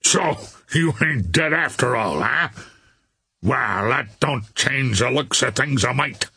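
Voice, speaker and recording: A man doing a gruff blustering ship's skipper. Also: mid-range voice, expressive, slow, pushed and bright, exaggerated voice. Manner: rough sailor's slang, blustering.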